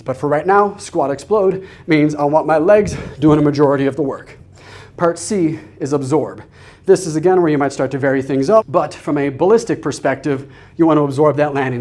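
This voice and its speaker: Energetic man coaching a workout. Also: a little high. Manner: clear step-by-step coaching, energetic. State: out of breath during demonstrations. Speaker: fitness coach. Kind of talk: instructional demonstration.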